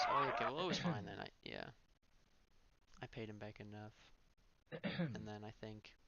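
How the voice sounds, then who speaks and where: Male streamer, lively up-and-down delivery with a heavy vocal fry, rambling through gameplay commentary. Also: on the low side, muffled recording. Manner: thinking aloud, self-correcting.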